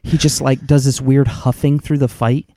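A man's voice: mid-range voice, level tone, mellow, dry recording, studio quality. A man co-hosting a casual movie review podcast, rambling and restarting his sentences. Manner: rambling, halting, many restarts.

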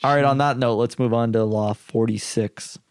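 A man's voice: mid-range voice, steady tone, normal speed, clean tone, no echo, clean studio sound. A man from Canada co-hosting a casual podcast chat, cracking crude jokes and steering the topics. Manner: joking, leads the topics.

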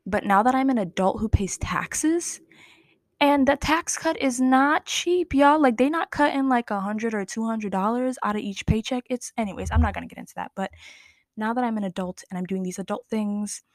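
A woman's voice: fairly high pitch, dry recording. Young woman chatting candidly, dry close sound. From Somali family. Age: 20s. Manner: candid, chatty, slangy, drawn-out emphasis. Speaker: podcast host. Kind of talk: casual personal monologue.

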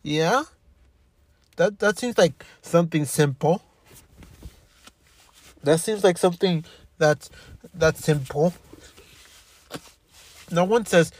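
High-voiced frustrated man in his fifties. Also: dry recording. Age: 50s. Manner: halting, repeats words, frustrated and upset. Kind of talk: emotional monologue to camera.

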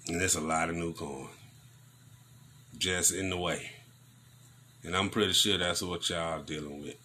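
A man giving casual news commentary on a vlog, preaching in animated rants full of slang. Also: low-pitched, measured pace, slight background noise.

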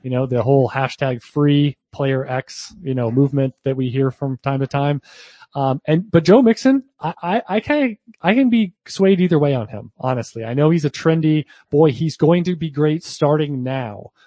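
A man's voice: on the high side, animated, moderate pace, warm tone, no room sound. A man co-hosting a fantasy football show, chatting casually with lots of fillers and restarts. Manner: talkative, frequent fillers and restarts. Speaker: podcast co-host.

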